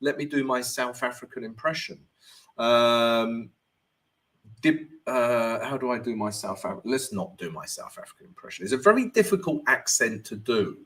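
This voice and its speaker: A man's mid-range, slightly bright voice moves at normal speed with lively intonation. As a forex coach on a relaxed live stream, he offers upbeat greetings, reads comments from viewers, and goes through charts as he replies.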